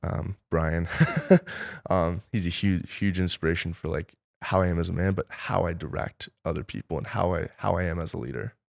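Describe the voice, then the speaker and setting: Young male director guest, low gravelly voice, loose rambling talk full of filler words. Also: steady tone, normal speed. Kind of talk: casual interview storytelling.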